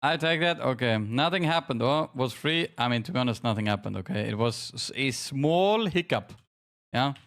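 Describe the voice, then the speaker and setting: A man in a relaxed live-stream, chatting and laughing at himself as he plays. He keeps giving quick directions to teammates between jokes for his viewers. His voice sits at an ordinary middle pitch for a man. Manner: chatty, jokey, self-deprecating, directing teammates. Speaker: streamer leading a game team. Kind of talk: casual live-stream gaming chat.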